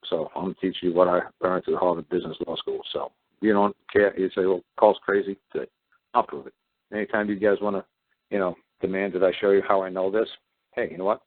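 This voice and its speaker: A man's voice: deep voice, fairly even intonation, fast, no room sound. A man hosting a talk show, telling a story in a blunt, combative way, repeating "I said" as he goes. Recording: tinny phone line.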